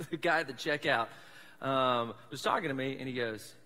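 A man's voice: mid-range voice, normal speed, pushed and bright. Southern guy preaching, chatty and self-deprecating, long church reverb. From South Mississippi. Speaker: pastor. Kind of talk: casual conversational sermon. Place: church sanctuary.

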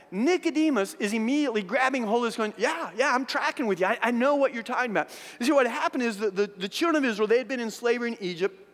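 A man preaching a sermon as a pastor, telling a Bible story with lively asides and often repeating words as he restarts sentences. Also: very high-pitched. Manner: animated storytelling, acting out voices of biblical figures. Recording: hall with long reverb.

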